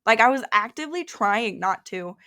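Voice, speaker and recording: A woman's voice: on the high side, animated, moderate pace, pushed and bright. Young woman host for a chatty solo podcast, rambling and self-interrupting, with light keyboard typing in the background. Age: young adult. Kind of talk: casual solo podcast, googling and reacting.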